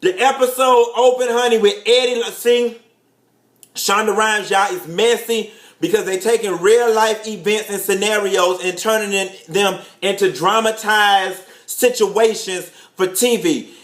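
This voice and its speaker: A man's voice: sits high, steady tone, measured pace. A man with a flamboyant, sassy manner, recapping a TV episode as a gossip host and calling everyone "honey" and "child.". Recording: echoey room.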